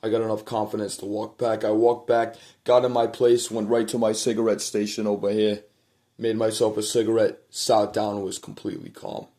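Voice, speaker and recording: A man telling a personal story to the camera at home at night, rambling and profane, repeating himself and trailing off into quiet murmurs. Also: fairly low pitch, monotone, fairly quick.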